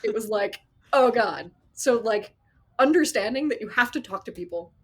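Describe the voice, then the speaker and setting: A woman working as an associate sound designer, telling stories in a casual interview, animated and acting out quotes with frequent laughs. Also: on the high side, a little fast, breathy edge. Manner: animated storyteller, acts out quotes, laughs often.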